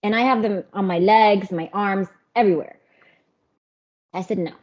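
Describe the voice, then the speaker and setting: A middle-aged woman telling her personal story as an interview guest, candid and animated. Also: medium pitch, normal speed. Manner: candid, animated, mimics others. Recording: muffled lo-fi audio.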